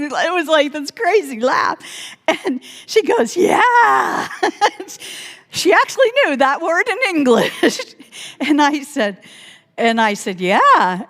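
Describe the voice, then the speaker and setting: Woman pastor in a reverberant church. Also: high voice. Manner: animated, laughing often while telling a story. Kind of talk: storytelling sermon. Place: church sanctuary. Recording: long church hall reverb.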